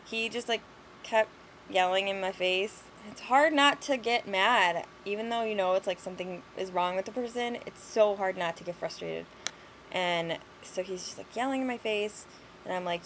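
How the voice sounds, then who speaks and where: A woman's voice: lowish voice, fairly even intonation, moderate pace, fairly bright tone, a little hiss or hum, rough recording. Sweary young woman ranting casually. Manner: blunt, sweary, exasperated storytelling. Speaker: vlogger.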